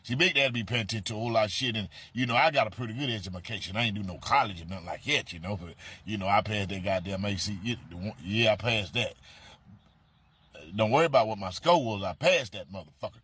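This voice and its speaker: A man's voice: lowish voice, fast, bright, forceful tone, husky. A middle-aged man, delivering a profane, mocking comedic monologue full of repetition. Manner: brash, mocking, heavy on repetition and cursing. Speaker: comedic storyteller. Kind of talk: profane comedic monologue addressed to an absent person.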